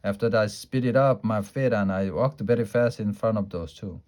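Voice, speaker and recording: A man reading a children's storybook aloud in a lively, playful way. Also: fairly low pitch, moderate pace. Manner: lively, playful character voices in a child's first-person story. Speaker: storybook reader.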